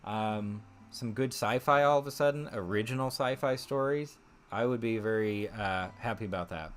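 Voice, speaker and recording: Rambling, low-voiced man hosting a stream. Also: moderate pace, slight background noise. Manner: rambling and chatty, laughs often, thinks aloud with many fillers. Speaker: streamer host. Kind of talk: casual live-stream chat.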